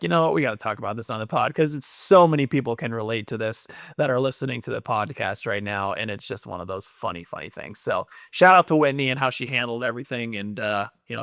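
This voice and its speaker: A man co-hosting a podcast, telling a family story in an animated way and laughing often. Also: medium pitch, creaky, no echo, clean studio sound. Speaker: podcast co-host. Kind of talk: casual chat.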